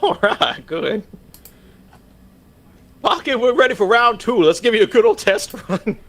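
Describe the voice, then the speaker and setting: A man's voice: high voice, lively intonation, a little slow. A man playing a tabletop game, chatting playfully about his companion. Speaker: player.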